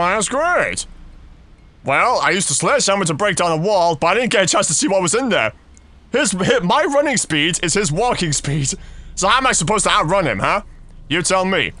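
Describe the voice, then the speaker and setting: High-voiced guy doing a horror let's play, bright tone, super reactive. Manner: excitable, reacting out loud to the game. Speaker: gaming channel host.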